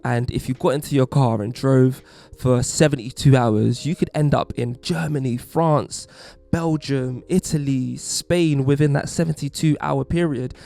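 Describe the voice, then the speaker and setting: A man's voice: mid-range voice, vocal fry, mellow. A man hosting a podcast, giving an emphatic, wry opinion monologue. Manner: wry, emphatic, puts on mock voices. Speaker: podcast host.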